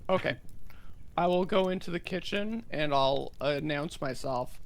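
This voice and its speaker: Gravelly, giggly tabletop player woman. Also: sits low, unhurried. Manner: giggly, hesitant. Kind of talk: casual tabletop game play.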